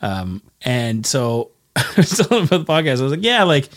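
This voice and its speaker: A man's voice: mid-range voice, big pitch swings, fairly quick. A young man from Canada co-hosting a podcast, telling rambling stories in casual chat with plenty of swearing. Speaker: podcast co-host.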